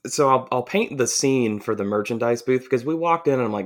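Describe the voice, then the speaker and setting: A man's voice: medium pitch, fairly quick. A man from the southern United States, co-hosting a podcast and telling a long, profane, rambling story in casual chat. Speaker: podcast co-host.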